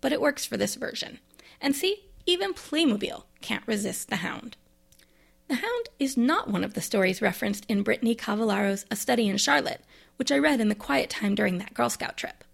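A woman's voice: fairly high pitch, lively intonation, a little fast, creaky. A woman, a librarian, chatting casually about books she received, with bookish asides and enthusiasm. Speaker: librarian and podcast host. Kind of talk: casual book review monologue.

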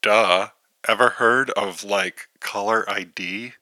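A man's voice: fairly low pitch, steady tone, takes it slowly, pushed and bright, no echo, heavily acted. A man voicing a bored teenage valley girl who drawls through slang and fillers.

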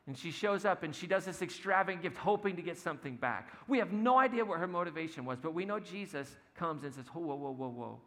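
A man's voice: high voice, lively intonation, fast talker, hardly any pauses, a bit bright, long reverb tail. A man giving a conversational sermon as a pastor, telling a story and acting out quotes with humor.

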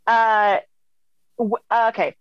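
A woman's voice: a little high, steady tone, extremely slow, clear, resonant tone, dry recording, lo-fi sound. A woman comedian hosting an interview, enthusiastic and laughing along with her guest. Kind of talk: casual interview chat.

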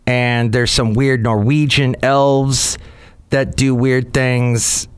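A man's voice: mid-range voice, little pitch movement, slow, clear, resonant tone. A man hosting a comedy podcast, telling a rambling story with lots of repeated words. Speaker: podcast host. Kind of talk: casual comedy podcast monologue.

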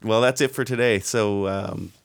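A man hosting a podcast, speaking casually with a few halting restarts. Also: on the low side, fairly even intonation, creaky. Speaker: podcast host. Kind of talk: casual chat.

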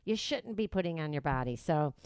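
A woman's voice: deep voice, animated, fairly quick, darkish tone, smooth, dry recording. A woman hosting a radio show, chatting casually, laughing often and rambling. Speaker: radio host.

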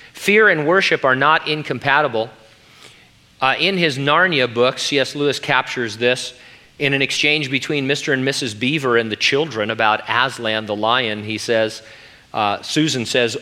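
A man's voice: medium pitch, moderate pace, bright, forceful tone. A middle-aged man who is a pastor, preaching an earnest, emphatic sermon.

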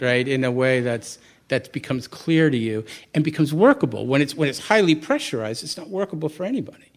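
A man's voice: fairly high pitch, big pitch swings, brisk. A middle-aged man, a Buddhist teacher, giving a candid, conversational talk to a live audience and telling a personal story with frequent restarts.

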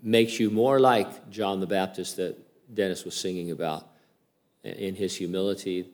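An older male pastor preaches in a relaxed, conversational way. He talks like he is chatting with friends, stopping often to restart a thought. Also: deep voice, moderate pace. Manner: chatty and informal, with many fillers and restarts. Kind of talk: casual conversational sermon.

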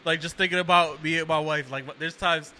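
A podcast co-host with a voice on the high side and a brisk pace chats casually. He's an animated storyteller who laughs often and acts out both sides of his stories.

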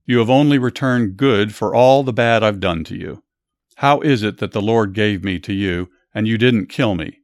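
A man's voice: fairly low pitch, moderate pace, dry recording, studio quality, lightly acted. A man voicing a remorseful king who begs for mercy for his family in a Bible story. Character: remorseful old king Saul, broken and pleading.

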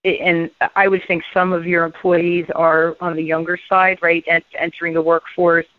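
A woman's voice: on the low side, little pitch movement, moderate pace, no echo. An enthusiastic woman hosting a radio show, chatting in an upbeat, storytelling way. Her voice comes through a thin, phone-like line with no room sound at all. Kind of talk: conversational radio interview. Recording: tinny phone-like line, dry.

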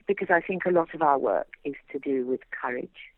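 Older English actress on a phone line. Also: female voice, low-pitched, fairly quick. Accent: English received pronunciation. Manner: animated storytelling, drops into character voices. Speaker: actress guest. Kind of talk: anecdotal interview chat.

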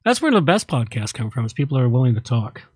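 A man's voice: medium pitch, very animated, quick pace, breathy edge, no room sound, studio quality. A man hosting a podcast in casual chat, rambling and often restarting his sentences. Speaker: podcast host.

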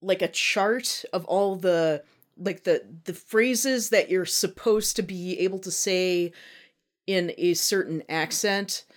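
A woman's voice: fairly low pitch, takes it slowly. A woman co-hosting a casual movie podcast, chatty and giggly. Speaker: podcast co-host. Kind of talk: casual chat.

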